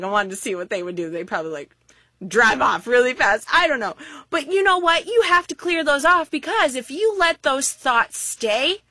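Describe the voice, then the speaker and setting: A high-voiced woman preaches a sermon with no echo around her. She mixes scripture with funny, wildly exaggerated tales, staying animated and playful throughout.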